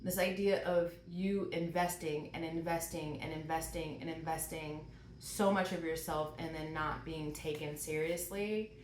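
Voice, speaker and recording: A woman's voice: on the low side, darkish tone. A woman giving a channeled tarot reading, asking questions aloud and exclaiming. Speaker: tarot reader. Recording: roomy with faint noise.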